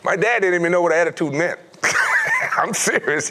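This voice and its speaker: A middle-aged former pro football player telling stories from his youth in a lively way, laughing often. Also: high voice, normal speed. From United States. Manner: animated storyteller, acts out quoted voices, laughs often. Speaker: former NFL player, guest. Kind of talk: storytelling interview.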